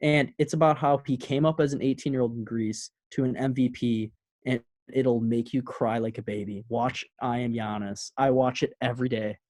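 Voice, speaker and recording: Earnest, halting young man. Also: medium pitch, steady tone, darkish tone. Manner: earnest, halting, filler-heavy. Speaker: podcast co-host. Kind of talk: casual sports podcast chat.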